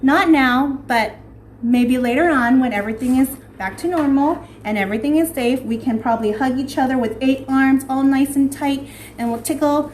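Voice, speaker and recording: A young woman teaching preschoolers, reading a picture book aloud in an animated, sing-song way and asking the children questions. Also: high voice, moderate pace, a little hiss or hum. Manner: animated, sing-song, voices creatures in the story. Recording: echoey room.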